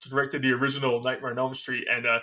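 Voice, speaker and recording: A man in his thirties talks excitedly on a casual podcast, gushing and breaking into laughs. His voice is bright and forward, and he sits at an ordinary middle pitch. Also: quick pace. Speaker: podcast co-host. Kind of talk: casual film discussion.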